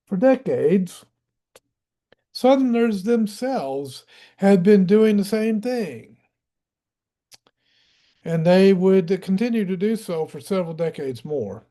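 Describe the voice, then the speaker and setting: A man from Tennessee reads history aloud in a Southern US accent, slipping in his own casual asides. He sounds high-pitched, animated and mellow, going at a slow pace and pausing often.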